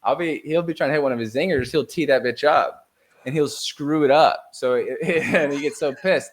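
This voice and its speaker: A man's voice: fairly high pitch, moderate pace. A young man on a podcast as a guest, chatting energetically, laughing often and swearing casually. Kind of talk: casual chat.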